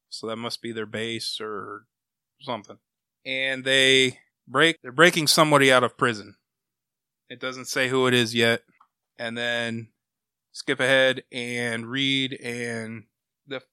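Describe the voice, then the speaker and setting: Male podcast co-host, bright and smooth, rambling casual recap, dry close sound. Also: mid-range voice, no room sound. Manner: rambling plot summary with acted-out quotes. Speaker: comic book podcast co-host.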